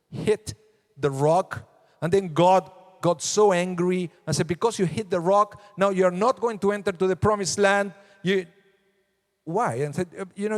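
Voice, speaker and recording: A male rabbi giving a conversational sermon, unhurried, sometimes acting out the voices of people in the text. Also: fairly high pitch. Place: synagogue sanctuary. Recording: long hall reverb.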